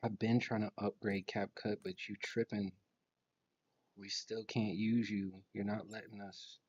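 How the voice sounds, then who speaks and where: A man's voice: on the low side, level tone, unhurried, darkish tone, husky, lo-fi sound. A man livestreaming a shooter game, chatting casually, ranting and trash-talking with a lot of profanity. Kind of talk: casual gameplay commentary. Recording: gunfire and game sounds behind.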